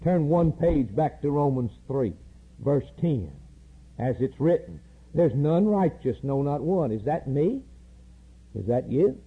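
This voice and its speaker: A man preaching a fiery sermon, pleading with his listeners and rising to loud emphatic peaks. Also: on the high side, animated, slow, breathy edge. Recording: tinny phone-like old sermon tape.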